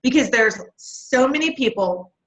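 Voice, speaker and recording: A woman from Texas, leading a motivational team training call in a folksy, energetic way. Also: high-pitched, unhurried, poor audio. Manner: energetic, folksy, laughs often. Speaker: network marketing leader. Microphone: video call.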